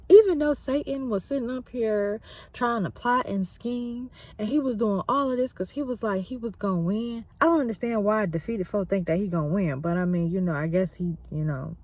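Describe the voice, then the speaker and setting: A woman host casually retelling a scripture story in a slangy, animated, conversational way. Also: medium pitch, no room sound.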